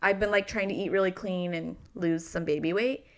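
A woman's voice: fairly low pitch, fairly even intonation, a little fast. A woman from Utah co-hosting a podcast, chatting casually and enthusiastically, teasing herself and her friend. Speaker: podcast co-host. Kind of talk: casual chat.

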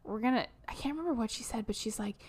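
A woman's voice: a little high, fast, a little mellow, slightly rough. A young adult woman co-hosting a podcast in casual chat, laughing often and acting out movie lines. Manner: giggly, acts out movie quotes. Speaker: podcast co-host.

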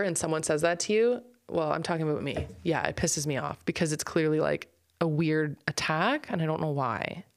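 A young woman hosting a solo podcast, ranting bluntly and swearing freely. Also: fairly low pitch. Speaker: podcast host.

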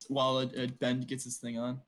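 A man's voice: mid-range voice, monotone, a little fast, a bit bright. A young man co-hosting a podcast, crude and rambling, laughing often at his own jokes. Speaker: podcast co-host. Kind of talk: joking podcast banter.

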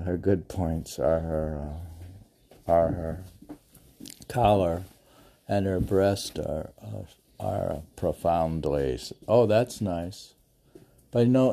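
On his podcast, a man with a low, dark voice and vocal fry reads poetry in an offhand way. He ribs himself throughout, posing questions and then arguing with them.

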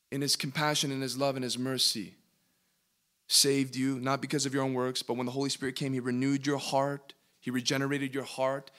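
A man leading a Bible study, reading verses aloud with emphatic, animated delivery and quick questions to his listeners. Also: medium pitch. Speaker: Bible teacher.

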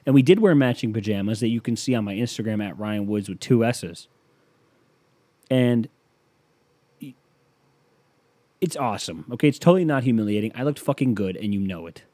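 Male podcast comic, sarcastic and profane, dark tone, dry mic. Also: lowish voice, lively intonation, moderate pace, pauses often, no room sound. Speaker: podcast host. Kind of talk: comedic monologue.

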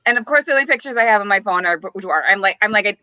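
A woman on a podcast spins a story in a lively, sing-song voice that climbs high. Her tone is bright and clear, and she breaks into giggles as she goes. The sound is close and dry. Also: rapid-fire, no echo. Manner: animated, giggly, rising to squeals on punchlines. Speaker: podcast co-host. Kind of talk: casual storytelling chat.

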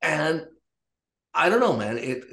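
A man's voice: a little high, sing-song, takes it slowly, creaky, sharp tone. A man co-hosting a podcast, talking enthusiastically and rambling with lots of fillers. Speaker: podcast co-host. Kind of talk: casual chat. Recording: echoey room.

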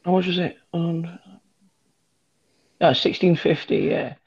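Gravelly, husky man telling stories. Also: fairly high pitch, takes it slowly, a little mellow. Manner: sweary, rambling anecdote-telling with many fillers. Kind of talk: casual chat. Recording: dull lo-fi recording.

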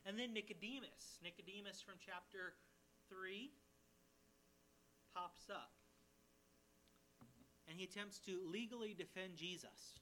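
A man as a pastor, teaching a sermon verse by verse with lively emphasis and paraphrased quotes. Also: high-pitched, unhurried, pauses often, a little hiss or hum.

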